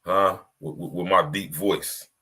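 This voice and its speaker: A man's voice: sits low, fairly even intonation, unhurried, pushed and bright. A man hosting a podcast livestream, talking straight to his listeners in a rambling, emphatic monologue and often asking if they hear him. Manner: direct address to listeners, repetitive. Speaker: podcast host.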